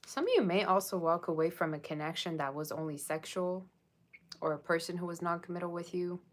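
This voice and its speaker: A woman's voice: lowish voice, steady tone, fairly quick. A woman giving a casual tarot reading, chatting and rambling straight to her viewers. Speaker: tarot reader.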